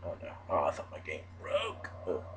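A man hosting casual gameplay commentary, excitable and jokey, who breaks into mock-outraged shouts. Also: a bass voice, moderate pace, background noise. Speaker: gaming channel host.

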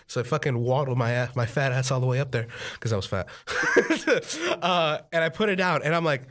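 A man's voice: medium pitch, expressive, brisk, few pauses, fairly bright tone. A man co-hosting a casual podcast, telling a story animatedly, acting out quoted family members and laughing often. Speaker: podcast co-host.

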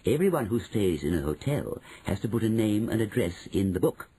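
A man's voice: on the low side, big pitch swings, dark tone, slightly rough, voice pushed down, heavily acted, rough recording. A man voicing a shrewd old grandmother. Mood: measured. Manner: slow, measured and knowing. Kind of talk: audiobook reading.

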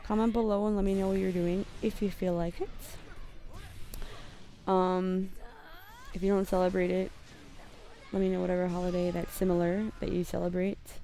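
Young woman, put-on London accent, casual gameplay commentary, rambling, self-deprecating, lowish voice, mellow. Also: little pitch movement, moderate pace, pauses often. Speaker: gamer. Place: her bedroom at home.

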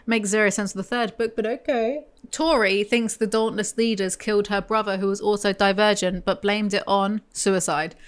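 A woman's voice: medium pitch, fairly even intonation, normal speed, clear, resonant tone. A woman hosting a book commentary video, reading passages aloud with sarcastic asides and the odd stumble.

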